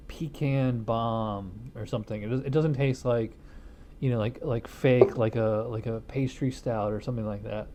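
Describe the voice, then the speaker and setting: A man's voice: mid-range voice, dark tone, a little hiss or hum. A man casually reviewing a beer in a home studio, rambling with lots of fillers and restarts and chuckling at his own jokes. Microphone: wireless lapel mic hidden behind a studio mic.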